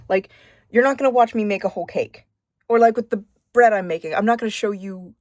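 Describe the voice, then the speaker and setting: A woman's voice: medium pitch, darkish tone, dry recording. A young woman chatting casually to camera in a rambling, self-deprecating way while she goes about her day at home. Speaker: vlogger. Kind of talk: casual vlog chat.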